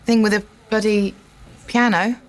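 A woman's voice: mid-range voice, steady tone, measured pace. A woman co-hosting a casual radio show, playful and giggly. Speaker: radio co-host.

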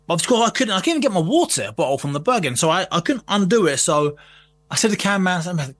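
A man's voice: high-pitched, big pitch swings, racing, fairly bright tone. A man telling a story in casual chat, swearing and laughing as he goes. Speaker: guest.

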